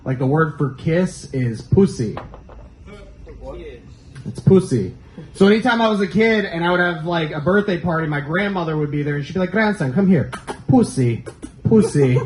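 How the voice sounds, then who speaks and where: High-voiced brash stand-up comic. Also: male voice, quick pace, hardly any pauses, echoey room, rough recording. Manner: brash, crude punchlines, jumps between high and low pitch. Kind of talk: stand-up set. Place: comedy club stage.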